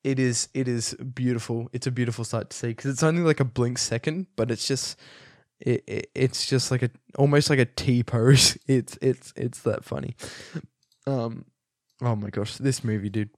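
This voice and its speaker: A man's voice: mid-range voice, steady tone, normal speed, a little mellow, no echo, clean studio sound. A young man giving a casual, rambling film review, amused and full of fillers and restarts. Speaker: movie reviewer.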